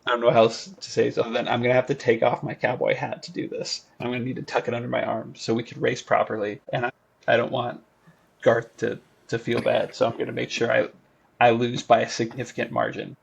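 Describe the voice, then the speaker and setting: A man playing a tabletop game, speaking in a wry, deadpan, rambling way. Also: mid-range voice, quick pace, gravelly, breathy edge. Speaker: player. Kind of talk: casual in-character tabletop play.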